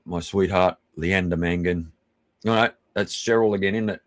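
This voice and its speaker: An Australian man hosting a live stream, giving rambling, chummy shout-outs to viewers and swearing casually. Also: sits low, fairly even intonation, normal speed, no room sound. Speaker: livestream host.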